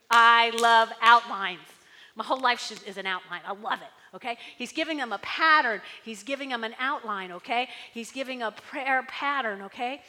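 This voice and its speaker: A woman pastor preaches in a bright, lively tone that sits a little high. She keeps asking the congregation to answer back. Her voice rings out with a long hall reverb. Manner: chatty, tag questions, audience call-and-response. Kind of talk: sermon.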